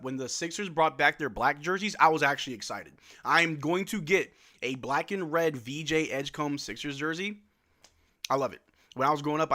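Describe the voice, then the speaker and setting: A young man from Louisiana hosting a casual livestream, chatting and answering viewers' questions with quick laughs. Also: mid-range voice, sharp tone. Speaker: livestream host.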